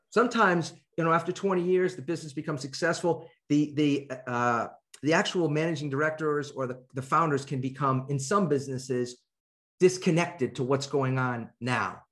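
A man hosts an interview podcast, cutting in with quick follow-up questions for his guest. His voice sits somewhat high for a man. He keeps the conversation moving with brisk prompts. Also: a bit bright. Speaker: podcast host.

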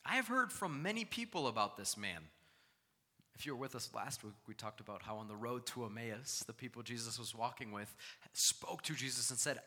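A man preaching a sermon as pastor, animated and acting out scripture voices. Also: on the low side, moderate pace, in a large hall.

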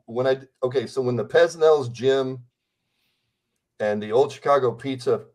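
A man's voice: medium pitch, unhurried, darkish tone. A man in his sixties, a guest on a podcast interview, who talks in a rambling, enthusiastic way. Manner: rambling, enthusiastic, slips into impressions. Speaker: interview guest, celebrity impersonator.

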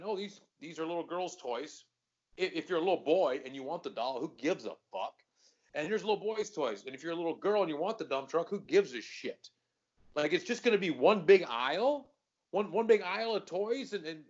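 Podcast guy ranting and swearing, kinda higher voice, dull lo-fi sound. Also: brisk. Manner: profane, ranting, worked up. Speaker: podcast co-host. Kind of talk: casual chat.

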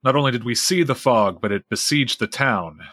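A man's voice: medium pitch, normal speed, a bit bright, no echo, studio quality. A man playing a character in a tabletop game, speaking in a formal, old-fashioned way. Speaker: player. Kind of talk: in-character role-play.

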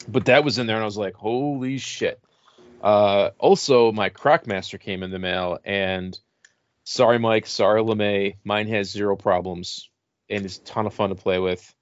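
A man's voice: lowish voice, no echo, highs cut off. A man co-hosting a casual podcast chat, rambling with plenty of fillers. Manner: relaxed, rambling with many fillers. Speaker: podcast co-host. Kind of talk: casual chat about toy purchases.

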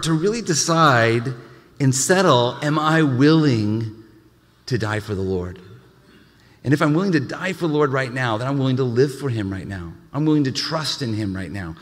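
A male pastor delivers a sermon in an animated style, often stammering and restarting his sentences. His mid-pitched voice rings out with a long reverb, as from a church hall.

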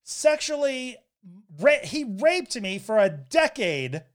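High-voiced man telling candid stories. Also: big pitch swings, slow. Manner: candid, wry storytelling with quoted voices. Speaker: podcast host. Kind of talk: casual podcast conversation.

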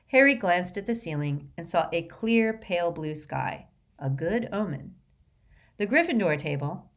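A woman with a fairly low voice reads a storybook aloud. She narrates at a steady, even pace, moving smoothly from scene to scene. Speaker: audiobook reader.

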